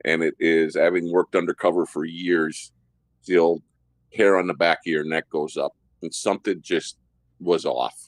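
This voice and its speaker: A former undercover narcotics officer, a man, telling a story in a measured, detailed and casual way. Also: low-pitched, fairly even intonation, no room sound.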